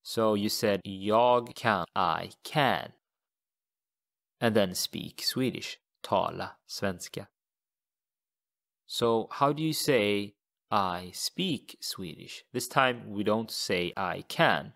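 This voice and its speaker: A man with a low, gravelly voice teaches a language lesson. He speaks very slowly and deliberately, and he repeats each example phrase so listeners can follow. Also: lively intonation, fairly bright tone.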